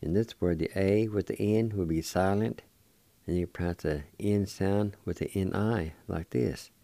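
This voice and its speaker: Man teaching word by word on a radio show, really low voice, dry close sound. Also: creaky, warm tone, no room sound. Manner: patient, spells words out letter by letter; repeats each pronunciation slowly. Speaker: radio host teaching vocabulary. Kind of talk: language lesson.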